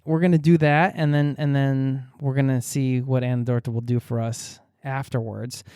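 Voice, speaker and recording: A man's voice: mid-range voice, little pitch movement, moderate pace, mellow, clear, resonant tone, dry recording, clean studio sound. A man hosting a podcast in casual chat, playfully teasing his co-host and laughing often.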